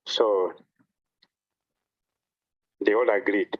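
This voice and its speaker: A man, a monk, telling a devotional story in a sermon with animated delivery and frequent repetition of phrases. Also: fairly low pitch, measured pace, long pauses, lo-fi sound. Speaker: monk giving a talk.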